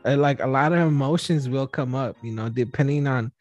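Relaxed man asking rambling questions. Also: medium pitch, brisk, lo-fi sound, soft background music. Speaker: interviewer. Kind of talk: casual interview chat.

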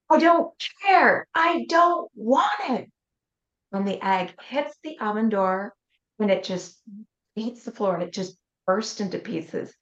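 A woman, a coach and interview guest, telling a personal story earnestly and acting out the voices she quotes. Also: mid-range voice. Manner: earnest, vivid retelling that acts out quoted voices. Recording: roomy, slightly dull sound.

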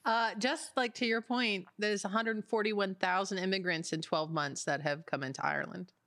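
A woman co-hosting a talk show, chiming in with brief, soft remarks. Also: mid-range voice, fairly even intonation, moderate pace, no room sound, studio quality. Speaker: co-host. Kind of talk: casual chat.

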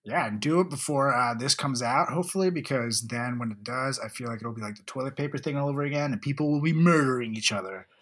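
A man's voice: medium pitch, quick pace, hardly any pauses, a bit bright, breathy edge. A man co-hosting a podcast, chatting casually with crude, teasing jokes. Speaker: podcast co-host. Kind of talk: casual chat.

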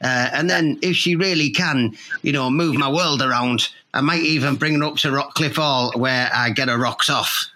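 A man's voice: mid-range voice, normal speed, few pauses, pushed and bright, a little hiss or hum, lightly acted, poor audio. A man doing a crude lecherous club chairman. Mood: boastful. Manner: crude, boastful, laughs at own jokes. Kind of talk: comedy sketch impression.

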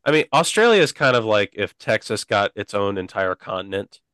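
A man's voice: fairly low pitch, animated, fairly quick, fairly bright tone, clean tone, no echo. A young man co-hosting a podcast in casual chat, laid-back, often saying "like" and "dude". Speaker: podcast co-host.

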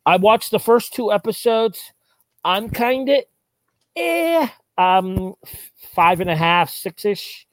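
A man's voice: high-pitched, expressive, slow pace, no room sound. Wry man host moving the chat along. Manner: wry, steers the talk along. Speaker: podcast host. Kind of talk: casual chat.

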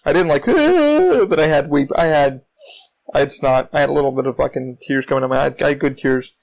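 A man hosting his own podcast, telling stories in a casual solo monologue, rambling and excitable and swearing often. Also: medium pitch, quick pace, vocal fry, low-quality recording. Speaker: podcast host.

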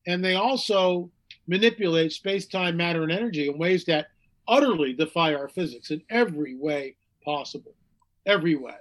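A man with a notably high-pitched voice speaks as an interview guest. He talks emphatically, hammering home repeated phrases and slipping into mocking voices when he quotes others. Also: expressive, normal speed, fairly bright tone. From United States. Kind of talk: animated interview talk.

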